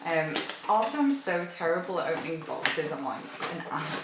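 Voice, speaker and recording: A young woman chatting excitedly to her viewers as she unboxes plants in a casual vlog, gushing and chatty. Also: low voice, brisk. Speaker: plant vlogger. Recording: roomy echo, noisy background.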